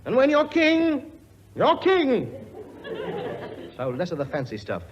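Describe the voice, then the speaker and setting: A man's voice: extremely high pitch, huge pitch swings, slow, slight background noise, full character voice. An actor playing a pompous, blustering king with a sarcastic, grumbling working-class manner in a 1950s radio comedy. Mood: exasperated. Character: blustering pompous male king, bossy and weary. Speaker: lead comic actor. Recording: dull old broadcast recording with audience laughter. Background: studio audience laughing.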